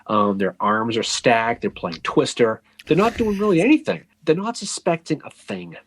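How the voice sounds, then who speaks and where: A man's voice: medium pitch, lively intonation, normal speed, a bit bright, slightly rough, no echo. A man co-hosting a casual history podcast, telling the story with jokes, asides and restarts. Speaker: podcast co-host.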